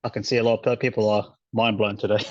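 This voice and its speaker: A male teacher explaining recitation rules in a casual online class, relaxed and chatty with many fillers and restarts. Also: lowish voice, fast, dry recording, muffled recording.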